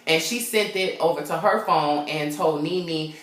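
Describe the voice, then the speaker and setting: A woman's voice: sits low, a little slow, echoey room. A woman giving a brash, profane, sassy commentary on a reality TV reunion in casual chat. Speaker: reality TV recap vlogger.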